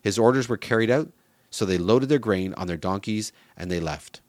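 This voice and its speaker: Man, Bible reading, low voice, measured. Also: dry recording, studio quality. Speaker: scripture reader.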